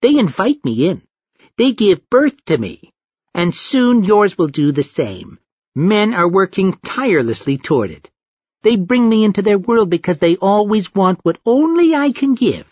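A man's voice: high voice, very animated, unhurried, darkish tone, husky, no echo, voice pushed up, full character voice. A man voicing a monstrous, cruel alien god that sounds like a toddler and taunts with giggles. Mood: grandiose. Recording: dull dry lo-fi recording.

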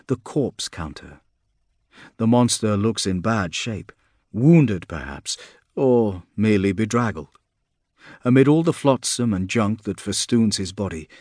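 Low husky man narrating a somber story. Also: darkish tone, no echo, studio quality. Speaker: audiobook narrator. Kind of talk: scripted narration.

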